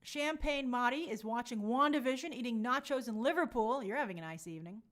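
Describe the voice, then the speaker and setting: A woman's voice: fairly high pitch, a little fast, fairly bright tone. A woman hosting a casual live stream, reading viewer comments aloud and reacting in an upbeat, chatty way. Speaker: livestream host reading chat.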